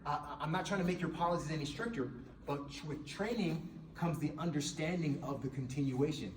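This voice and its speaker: A male jiu-jitsu coach leads a demonstration in an echoey indoor gym, his voice sitting a bit higher than most men's. He talks emphatically and keeps asking "right?" to check that his point landed. Faint room noise hangs behind him. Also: brisk, distant mic. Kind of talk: hands-on demonstration teaching.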